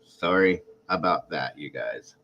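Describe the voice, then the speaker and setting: A man with a very deep voice hosts a relaxed true crime YouTube livestream, warmly greeting viewers by name. Congested, coughing, and a bit worn down from illness, he chats at an easy, unhurried pace into a home streaming mic with the highs cut off.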